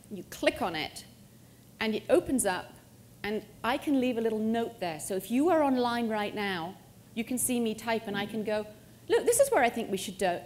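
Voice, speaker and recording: Woman, middle-aged, conference speaker; lively, jokey demo delivery, slightly high voice. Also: a little hiss or hum. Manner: lively, joking, self-mocking. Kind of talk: live demo presentation. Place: conference hall stage.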